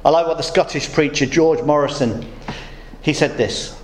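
A man's voice: a little high, normal speed, a little hiss or hum. A man preaching a sermon, weaving humorous stories into his teaching. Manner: storytelling with humorous anecdotes. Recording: roomy echo.

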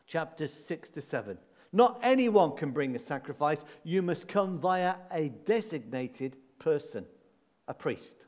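A man's voice: on the high side, big pitch swings, measured pace, a little mellow. Man preaching in a reverberant hall. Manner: emphatic, repeating key phrases. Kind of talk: sermon.

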